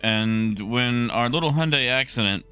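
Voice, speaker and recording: A young man casually chatting with his stream viewers, relaxed and talkative, greeting people by name. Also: medium pitch, unhurried, clean tone, soft background music. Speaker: livestreamer.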